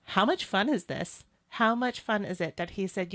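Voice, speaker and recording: A woman's voice: medium pitch, normal speed, fairly bright tone. A woman hosting a political talk show, speaking in an earnest, opinionated, conversational way. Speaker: host.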